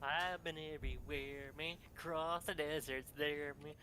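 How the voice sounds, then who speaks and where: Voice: medium pitch, steady tone, unhurried, pushed and bright. A speaker from Canada chatting casually during a game, teasing and laughing often. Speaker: gaming co-player. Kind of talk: casual chat while gaming.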